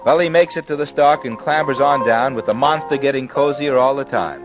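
A man's voice: medium pitch, brisk, music in the background, rough recording. A man telling a fairy tale in laid-back jazz slang on an old comedy record. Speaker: narrator. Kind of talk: comic hipster storytelling.

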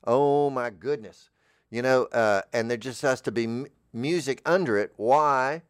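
A man's voice: medium pitch, moderate pace, smooth, no room sound, clean studio sound. A man in a rambling comedic monologue, drifting through absurd, meandering trains of thought. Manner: talks over background music. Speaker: comedic character host.

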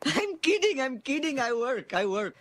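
A man's voice: extremely high pitch, big pitch swings, normal speed, a bit bright, dry recording, heavily acted. An actor voicing a polite immigrant man in a cartoon, answering a citizenship test with too much detail. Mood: joking. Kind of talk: cartoon dialogue clip played on radio.

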